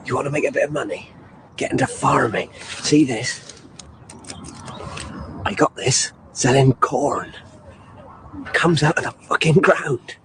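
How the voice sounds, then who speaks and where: An actor playing a boastful, excited farmer in a comedy sketch, in a rushed, bragging manner. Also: male voice, mid-range voice, lightly acted. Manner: breathless bragging. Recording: comedy clip with background noise.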